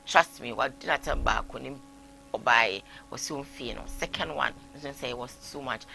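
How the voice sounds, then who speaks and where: A man's voice: mid-range voice, moderate pace, vocal fry, over music. A Ghanaian man hosting a live talk show, reading out viewer messages and mixing English with Twi. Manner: animated, switching between English and Twi. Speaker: host. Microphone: live-streamed talk show.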